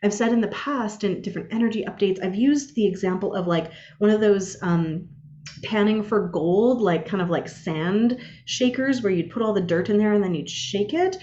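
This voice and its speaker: A woman giving a spiritual guide's casual energy update, telling personal stories in an animated way. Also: mid-range voice, moderate pace, highs cut off. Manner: animated storyteller, acts out her own quotes.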